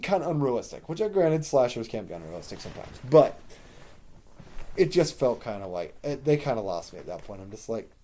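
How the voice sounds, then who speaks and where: A man talks through a casual review in a warm, dark-toned voice. He rambles, swears often and leans on fillers as he works through his opinions. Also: mid-range voice. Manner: rambling, profane, conversational with many fillers. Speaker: video creator ranking TV seasons.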